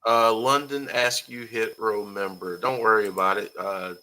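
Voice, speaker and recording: A man's voice: lowish voice, steady tone, moderate pace, pushed and bright, rough recording. A man hosting a casual live-stream talk show, reading viewer comments aloud in an easygoing way. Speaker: host.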